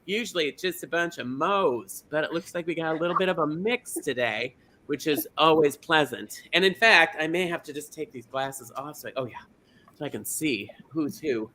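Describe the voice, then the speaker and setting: A man's voice: a little high, lively intonation, moderate pace, sharp tone, a little hiss or hum. A man playing a chatty middle-aged small-town lady who hosts a comedy bingo show, gushing and rambling, tripping over names, on a video call. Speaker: host. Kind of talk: comedic drag character hosting.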